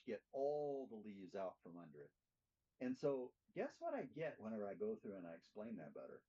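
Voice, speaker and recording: A middle-aged man leads a church class with a mellow, slightly husky voice. He speaks plainly and keeps asking the room questions. The recording sounds dull and lo-fi. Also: mid-range voice. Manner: plainspoken, asks the group questions. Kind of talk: interactive teaching talk.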